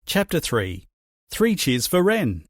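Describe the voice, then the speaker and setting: A man narrating a children's storybook with an expressive reading. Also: on the high side, takes it slowly, dry recording, clean studio sound.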